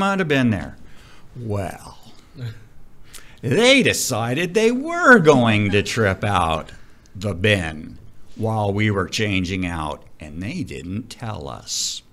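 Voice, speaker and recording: A middle-aged man, a commercial diving instructor, telling stories in a casual interview, animated and profane. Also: lowish voice, unhurried. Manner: animated, profane, vivid storyteller.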